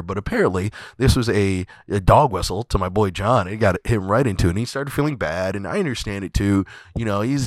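A man with a lowish voice spins a comic story for his podcast, swearing freely and breaking into laughter. His delivery is loose and conversational. The recording is close and dead dry. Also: no echo. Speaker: podcast host. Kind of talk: comedic storytelling.

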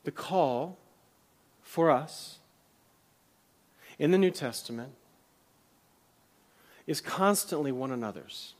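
A man preaching a sermon as pastor, retelling biblical characters' words with rising drama and sometimes dropping to a soft whisper. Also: on the high side, animated, slow pace, pauses often. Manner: drops to a soft whisper at tender moments. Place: church.

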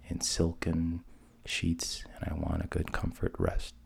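A man's voice: low-pitched, monotone, measured pace, vocal fry, darkish tone, breathy edge, heavily acted. A man voicing a pushy male talking frog who insists on his demands. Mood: pleading.

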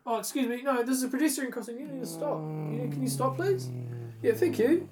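A man's voice: big pitch swings, a little fast, music in the background. A man voicing a fussy, flustered male film commission head with a New Zealand accent, talking in a raised voice. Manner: chatty, flustered, high-pitched.

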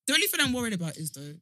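A woman's voice: a little high, bright, forceful tone, dry recording. A woman co-hosting a podcast in casual chat, teasing and laughing often. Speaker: podcast co-host.

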